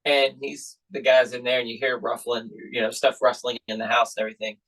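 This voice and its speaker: Middle-aged male podcast host, lively storyteller, mid-pitched voice. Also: a little fast, poor audio. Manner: animated storyteller acting out quoted voices. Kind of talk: casual storytelling chat.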